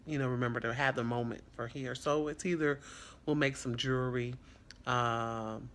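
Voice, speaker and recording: A man talks casually to camera about life as a foster parent. His voice is bright and forward at a middling pitch. He comes across as earnest and reflective, with a loose, rambling flow. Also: steady tone, normal speed, slight background noise. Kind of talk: casual vlog talk.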